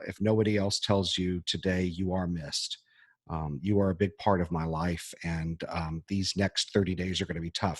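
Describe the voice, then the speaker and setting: A man, a history teacher, talking earnestly and emotionally to his students, pausing often with fillers. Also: low voice, husky, no echo, clean studio sound. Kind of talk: heartfelt scripted-free address to students.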